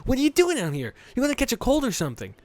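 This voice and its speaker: A man voicing a peppy, bossy teenage girl runner while reading a visual novel aloud, brisk and cheerfully scolding. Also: very high voice, wildly swooping pitch, darkish tone, no room sound, pitched above the performer's own voice, exaggerated voice. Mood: pushy.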